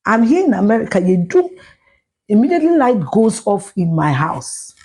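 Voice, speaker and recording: A middle-aged Ghanaian woman with a Ghanaian accent, ranting loudly and profanely in a live video, slipping into Twi. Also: mid-range voice, big pitch swings, normal speed, breathy edge. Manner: loud, profane, mixes in Twi. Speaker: social media personality.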